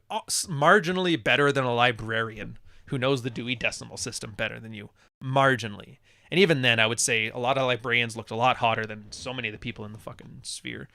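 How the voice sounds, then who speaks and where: Man, podcast host, casual livestream talk, blunt and profane, bright voice, dry sound. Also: medium pitch, gravelly, dry recording. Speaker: podcast host reading live chat.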